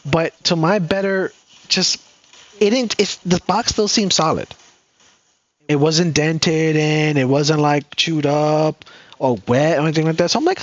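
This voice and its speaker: A man's voice: on the high side, a little slow, lo-fi sound. A man co-hosting a podcast, telling a story in a casual way, cursing freely and acting out what other people said. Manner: animated, profane, acts out quoted people. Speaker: podcast co-host.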